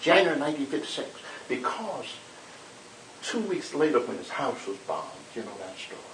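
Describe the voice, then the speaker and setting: An older minister recalls the past in a lively, storytelling voice, stumbling over repeated words as he goes. He sounds far from the mic in an echoey room. A steady hiss runs under the whole recording. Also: fairly high pitch, moderate pace. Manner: animated storyteller, dramatic quotes, many repeated words. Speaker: civil rights era minister recounting history. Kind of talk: conversational storytelling interview.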